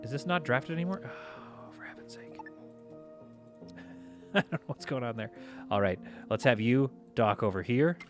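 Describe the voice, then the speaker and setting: Man, live game commentary, excitable, mid-pitched voice, faint background music. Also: fairly quick. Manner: excitable, talks to himself and his crew while playing. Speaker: gaming streamer.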